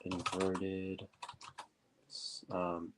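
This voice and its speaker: A deep-voiced man with a stuffy nose chats casually on a livestream, answering questions while he works. He rambles, pauses to search for words and keeps saying quote-unquote. His pitch sits fairly low. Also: monotone, background noise. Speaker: streamer answering viewer questions.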